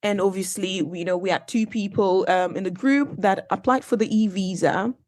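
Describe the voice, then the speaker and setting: A young woman from Nigeria talks through a travel story on her own podcast, chatty and animated. She keeps turning to her listeners with asides and questions. Her voice sits in a middle pitch, and the sound is dry and close to the mic. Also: moderate pace, dry recording. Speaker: podcast host. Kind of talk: casual solo storytelling podcast. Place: based in Manchester, recorded dry and close.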